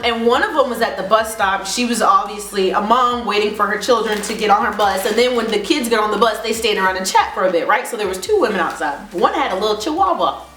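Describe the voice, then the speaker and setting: A woman vlogger telling a story in a casual, animated way, laughing often. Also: mid-range voice. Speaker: beauty vlogger. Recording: roomy echo, faint music.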